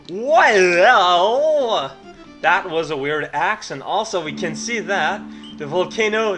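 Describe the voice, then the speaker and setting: Man, fairly high voice, dry sarcastic game commentary over clear background game music. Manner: wry, sarcastic asides. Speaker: let's play host. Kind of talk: let's play commentary.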